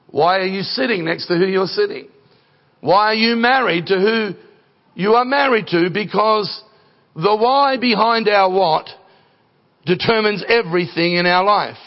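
Gravelly preacher, lo-fi recording. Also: male voice, high-pitched. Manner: conversational, rising to emphatic preaching. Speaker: guest preacher. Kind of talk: sermon with storytelling.

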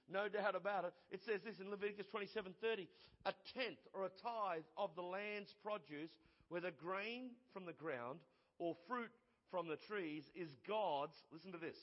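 A male pastor preaching a sermon, emphatic and repeating phrases for effect, in a church hall. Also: sits high. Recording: dull sound with long hall reverb.

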